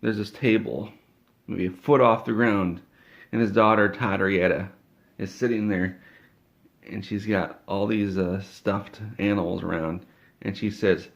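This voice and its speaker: A man's voice: sits low, steady tone, moderate pace, vocal fry, muffled recording. A man telling an absurd comedic story in a rambling way, stammering and repeating words.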